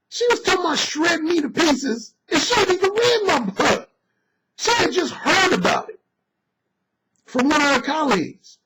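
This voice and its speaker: A man's voice: very high voice, heavy background noise. A man, an author and dating coach, delivering a blunt, emphatic and boastful monologue that is full of profanity. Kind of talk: opinionated monologue.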